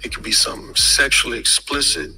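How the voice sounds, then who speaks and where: Animated, crude male stage storyteller. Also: medium pitch, brisk, faint music behind, rough recording. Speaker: speaker.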